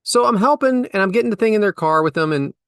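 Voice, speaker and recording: A man's voice: quick pace, clear, resonant tone, no echo, clean studio sound. A middle-aged man co-hosting a podcast, telling exasperated everyday stories in a casual chat. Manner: animated, exasperated storytelling with big pitch jumps. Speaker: podcast co-host.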